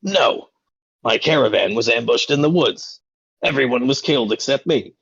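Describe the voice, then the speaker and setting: A man's voice: on the low side, lively intonation, normal speed, husky, no room sound, muffled recording. A man voicing a flustered, self-important male caravan master who rattles off orders in a tabletop game. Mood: agitated. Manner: harried, bossy, rattling off orders.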